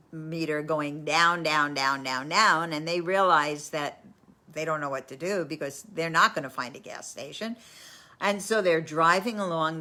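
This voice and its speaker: A woman teaching a class and telling a story in a lively way, with frequent restarts and laughs. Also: lowish voice.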